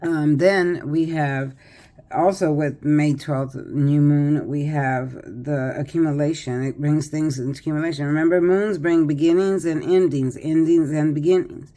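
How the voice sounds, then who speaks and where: A woman's voice: deep voice, steady tone, a little slow, mellow. A tired older woman doing a casual tarot reading, chatty and rambling with many fillers and restarts. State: tired, yawning. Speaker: tarot reader.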